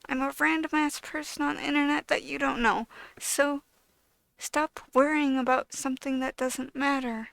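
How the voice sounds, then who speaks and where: A woman's voice: sits high, fairly even intonation, normal speed, gravelly, fairly bright tone, no room sound. A young adult woman talking straight to camera in a casual vlog, venting in a blunt, frustrated, profane way, dropping to a mumble at times and then raising her voice. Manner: swings between mumbling and raised voice. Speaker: vlogger.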